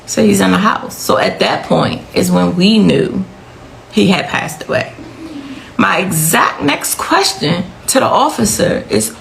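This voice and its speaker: A middle-aged woman speaks with a heavily gravelly, creaky voice that swings widely in pitch. She talks intensely, repeating key phrases for emphasis as she recounts her own story. A faint noise floor sits behind her. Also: animated, measured pace, a bit bright, rough recording. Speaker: mother of a victim. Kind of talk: emotional personal account.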